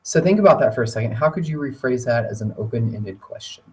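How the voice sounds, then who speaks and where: A man presenting a teacher training webinar, talking in a relaxed conversational way with occasional fillers. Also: medium pitch, fast. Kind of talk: webinar lecture. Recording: voice distant from the mic.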